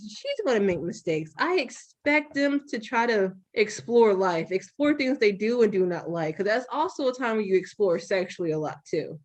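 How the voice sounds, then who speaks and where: A young adult woman hosting a podcast, talking frankly and with some profanity in an animated, storytelling way. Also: fairly high pitch. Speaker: podcast host. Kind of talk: candid podcast conversation.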